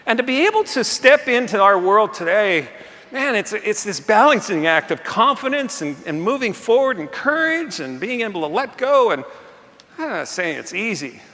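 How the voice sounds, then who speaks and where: A man's voice: sits high, moderate pace. A man giving a live keynote, telling a story and acting out voices and sounds. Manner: animated, acts out voices and sounds. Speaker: keynote speaker. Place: large hall with live audience. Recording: long hall reverb, faint ambience.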